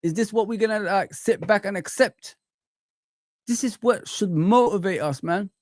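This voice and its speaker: A man's voice: high voice, moderate pace, dry recording. Dry, ranting man hosting a stream. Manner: animated, exasperated ranting with repeated phrases. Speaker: live stream host. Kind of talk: live chat stream.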